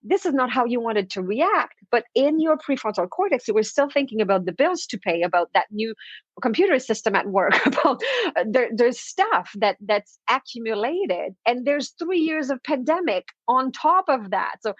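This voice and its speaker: A woman guest on a podcast interview, explaining with animated everyday scenes and frequent laughter. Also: on the high side, normal speed, no echo, highs cut off. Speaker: confidence expert guest.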